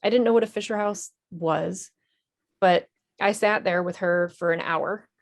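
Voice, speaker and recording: A woman's voice: on the low side, a little slow. A woman, an Army veteran and nonprofit director, telling her story in a TV interview in an earnest, candid way with small restarts.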